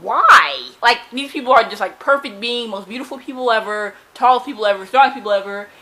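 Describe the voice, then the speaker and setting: A young woman vlogging casually about a book she is reading, animated and exasperated, talking with many fillers while she is losing her voice. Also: a little high, fairly quick, low-quality recording. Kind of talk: casual reading reaction vlog.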